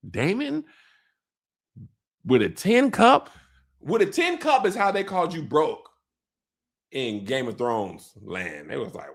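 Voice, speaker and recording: A man with a gravelly, textured voice recaps a TV episode for laughs. His pitch swings widely as he tells the story, slangy and animated, slipping into playful character voices along the way. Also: slow pace, long pauses. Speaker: show recap host.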